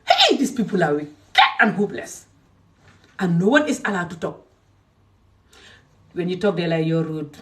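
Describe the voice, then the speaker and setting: Angry woman from gambia venting on a vlog, loud then muttering, bit far from the mic. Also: sing-song, moderate pace, long pauses. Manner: heated and emphatic, swinging between shouting and low muttering. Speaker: social media creator. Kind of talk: angry direct-to-camera rant.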